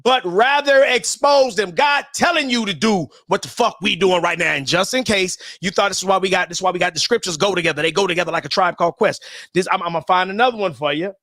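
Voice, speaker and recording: Man, high-pitched, bright, profane preachy rant, repetitive, dry sound. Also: fast talker, no room sound. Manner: preachy, profane, repeats himself. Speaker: commentary streamer. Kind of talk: profane ranting commentary.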